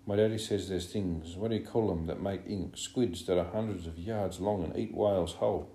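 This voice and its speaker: A rambling boy who hedges every point, voiced by a man reading aloud. The voice stays low and dark, close to the reader's own. The room is roomy, with a faint hum. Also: moderate pace. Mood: earnest. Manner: rambling, hedging speech. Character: rambling, earnest boy, unsure.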